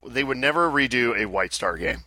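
Bright-voiced man hosting a pinball podcast. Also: mid-range voice, lively intonation, a little fast, no echo. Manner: joking and teasing. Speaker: podcast host. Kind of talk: casual podcast banter.

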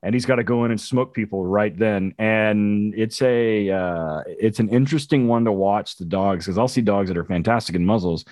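A man training police dogs, telling stories in a profane, animated way during casual podcast chat. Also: lowish voice, moderate pace, few pauses, no room sound.

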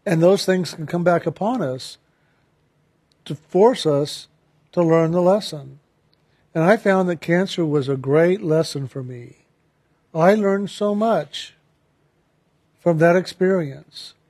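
A man calmly recounting a personal story and turning it into a spiritual lesson, earnest and reflective, slowing down on the phrases he wants to stress. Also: on the high side. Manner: calm, earnest, reflective, with slowed emphasis on key phrases.

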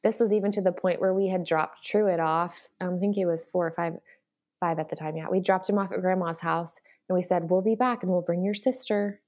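A woman's voice: fairly low pitch, steady tone, fairly quick, a little mellow. A woman speaking earnestly and candidly as a guest, with many fillers and restarts. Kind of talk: personal storytelling in conversation.

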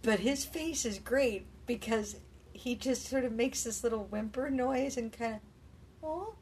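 A woman chatting casually about a film, telling it with animated energy and acting out lines, sounding exhausted. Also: a little high, normal speed, slightly rough. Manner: animated storyteller, acts out dialogue.

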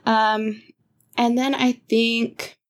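A woman's voice: a little high, level tone, very slow. A woman running a tabletop game, hesitant and giggly, with many ums. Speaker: game master.

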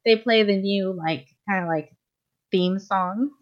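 A woman's voice: mid-range voice, a little slow. A woman co-hosting a podcast, chatting casually with a lot of fillers and restarts. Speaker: podcast co-host. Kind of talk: casual fan chat. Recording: slightly dull lo-fi audio.

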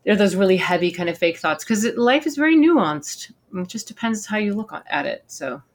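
A woman who works with parents and kids, explaining with earnest, animated asides as an interview guest. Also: medium pitch, fairly quick.

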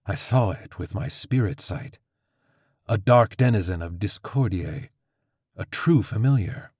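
A man voicing a sardonic male crow familiar with a slow, drawling, dire delivery. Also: lowish voice, lively intonation, a little mellow, slightly rough, no echo, studio quality.

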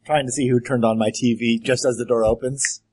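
A man's voice: mid-range voice, little pitch movement, a little fast, a little mellow, breathy edge. A man in a tabletop role-play, rambling playfully and switching between narration and his character. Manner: rambling, playful, frequent restarts. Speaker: player.

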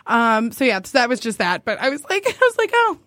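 A young woman with a slightly high, sing-song, somewhat bright voice talks fairly quickly, with no room sound. Co-hosting a podcast, she casually reads dating-app messages aloud, giggling often and laughing as she tells the story.

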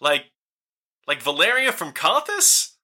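A woman's voice: high-pitched, very animated, pushed and bright, pitched above the performer's own voice, exaggerated voice. A man voicing a small, panicked gnome woman professor who fires off questions. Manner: frantic, rapid-fire questions.

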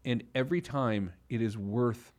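A man's voice: mid-range voice, moderate pace, a little mellow. A man hosting a casual radio talk show about money, playful and self-mocking, laughing often. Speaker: financial radio show host.

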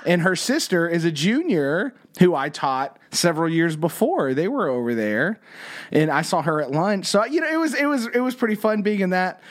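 A man's voice: high-pitched, big pitch swings, normal speed. A man hosting a podcast, telling stories in a rambling, enthusiastic way. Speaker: podcast host. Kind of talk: casual podcast chat.

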